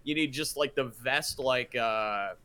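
A man's voice: mid-range voice, slow pace, pushed and bright. A young man co-hosting a casual podcast chat, joking and teasing his friends. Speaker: podcast co-host.

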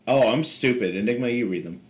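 A man's voice: mid-range voice, brisk, slight background noise, rough recording. A man hosting a casual podcast, loose and profane as he moves the talk along. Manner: loose and profane, steering the conversation. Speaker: podcast host.

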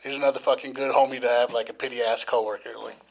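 A man's voice: mid-range voice, fast talker, slightly rough. A man co-hosting a podcast, telling a story in casual, profane talk and acting out the voices. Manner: profane, animated, acts out voices. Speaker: podcast co-host.

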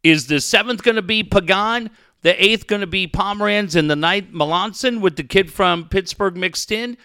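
A man's voice: sits high, moderate pace, pushed and bright, clean tone, no room sound. A man co-hosting a sports podcast, ranting heatedly and swearing constantly. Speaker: podcast co-host. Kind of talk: profane sports radio rant.

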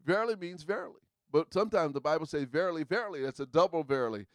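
Male pastor, high voice, dry close sound, fervent call-and-response preaching. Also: lively intonation, quick pace, no echo. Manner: call-and-response preaching, swings from hushed to shouting. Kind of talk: sermon.

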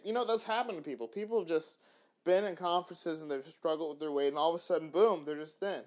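A man hosting a faith-based podcast, talking in an animated way with frequent restarts. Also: fairly high pitch, fast. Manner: animated, acts out little dialogues, frequent restarts. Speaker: podcast host.

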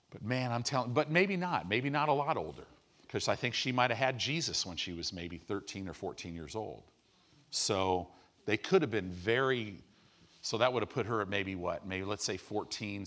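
A man's voice: low-pitched, a bit bright. Man, pastor, sermon, questioning congregation, emphatic rises, middle-aged. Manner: preaching with questions to the congregation, rising to emphatic peaks.

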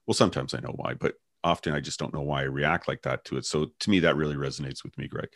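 A man's voice: a bass voice, steady tone, fast, gravelly, fairly bright tone, no echo, clean studio sound. A man co-hosting a podcast, reflective and telling personal anecdotes in casual conversation. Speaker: podcast co-host.

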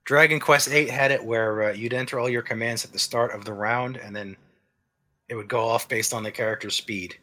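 A man chatting casually on a podcast, explaining a game in a rambling way with frequent restarts. His voice is bright and clear, at an ordinary middle pitch. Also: fairly even intonation, a little fast. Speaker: podcast co-host reviewing a game. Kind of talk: casual chat.

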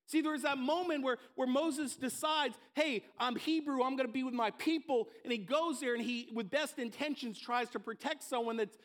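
A pastor giving a conversational, earnest sermon, often repeating words as he restarts a thought. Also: very high-pitched.

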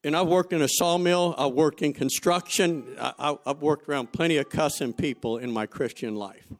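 A man preaching a sermon, asking the congregation rhetorical questions and telling stories from his own life, going from loud emphasis to quiet asides. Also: fairly high pitch, normal speed. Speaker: pastor.

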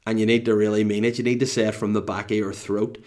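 Middle-aged man, North Down accent; animated, self-mocking comic storyteller with a salty mouth. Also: lowish voice, quick pace. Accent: Northern Irish, North Down. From Northern Ireland. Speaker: podcast co-host.

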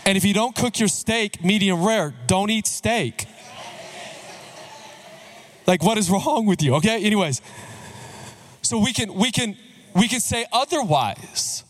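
A man in his thirties, a pastor delivering a sermon in a conversational, joking way with lively swings in pitch. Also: a little slow, long pauses.

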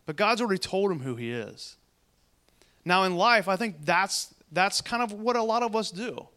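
Bright-voiced man preaching conversationally. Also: high voice, expressive. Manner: conversational, quick asides between read passages. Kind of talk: sermon reading and commenting on scripture.

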